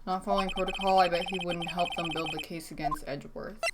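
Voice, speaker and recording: A woman streamer casually playing through a game, reading dialogue aloud quickly and joking between lines. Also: lowish voice, fairly even intonation. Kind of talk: casual game playthrough commentary. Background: game music.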